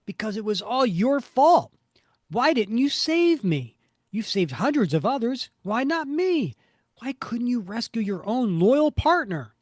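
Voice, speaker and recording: A man's voice: big pitch swings, measured pace, no room sound, clean studio sound, exaggerated voice. A man voicing a haunting young male sidekick who accuses his partner, reading comic dialogue aloud. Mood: accusing. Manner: shrill accusing repetition.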